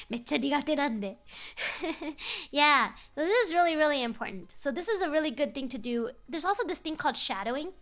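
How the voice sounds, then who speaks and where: A woman's voice: high voice, expressive, fairly quick, fairly bright tone. A chatty young woman streaming a casual chat, laughing often and switching between English and Japanese.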